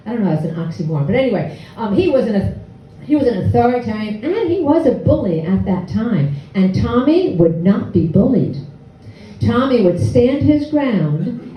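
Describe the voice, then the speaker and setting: A woman in her sixties telling a personal story on stage, wry and animated, acting out her own past lines. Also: mid-range voice, moderate pace, a little hiss or hum. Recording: echoey hall, distant dull mic.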